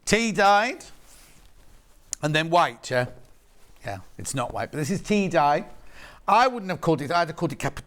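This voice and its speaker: Lively man selling fabric. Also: fairly high pitch, moderate pace, long pauses. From West Midlands, England. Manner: chatty, bubbly, jokey banter, repeats prices. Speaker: TV shopping channel presenter. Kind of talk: live shopping TV sales patter. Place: TV studio.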